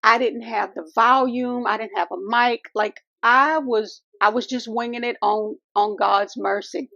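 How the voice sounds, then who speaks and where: A woman's voice: a little high, steady tone, a little slow, creaky, bright, forceful tone, no room sound. A woman vlogger talking to her viewers in an earnest, faith-filled way, calling them y'all and honey. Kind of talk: heartfelt casual vlog talk. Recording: dull lo-fi dry sound.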